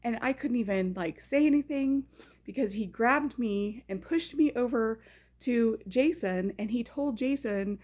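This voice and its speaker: A woman's voice: on the high side, unhurried, a little mellow. A woman telling a personal story in a casual, chatty way, full of "like" and "you know", acting out her own reactions as she goes. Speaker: storyteller recounting a personal memory.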